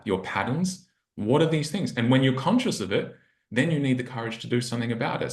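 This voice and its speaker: Earnest relationship coach man, roomy sound. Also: medium pitch. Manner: earnest, reflective, acts out inner dialogue in quotes. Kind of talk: storytelling in a podcast interview. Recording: roomy echo.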